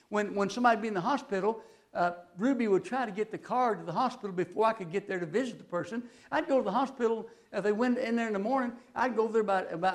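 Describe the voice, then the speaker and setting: Older man, high-pitched, folksy storytelling preacher. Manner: folksy, rambling storyteller with restarts. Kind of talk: folksy sermon with stories.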